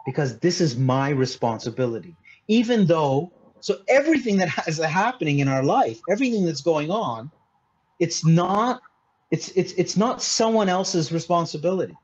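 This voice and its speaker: Guy from malta explaining stuff earnestly, husky and kinda high, dull lo-fi sound. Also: big pitch swings, normal speed, darkish tone. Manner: earnest, explaining with many restarts and "you know". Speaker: mindset consultant, podcast guest. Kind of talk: casual interview talk.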